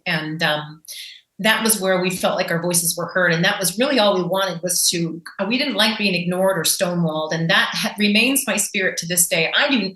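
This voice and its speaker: A woman speaking as a podcast guest, emphatic and defiant in how she talks. Her voice is bright and forceful, and it rings a little in a roomy space. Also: on the low side. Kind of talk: podcast interview.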